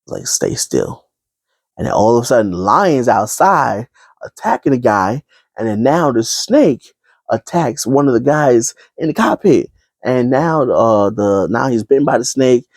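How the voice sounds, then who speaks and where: A man's voice: medium pitch, expressive, moderate pace, no room sound. A man casually retelling a movie plot, rambling, with many fillers and restarts. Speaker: vlogger.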